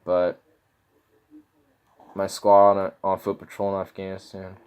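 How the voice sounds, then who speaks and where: A man's voice: low voice, monotone, measured pace, darkish tone, smooth. A man casually reacting to online videos, mocking and incredulous, swearing freely as he clicks through.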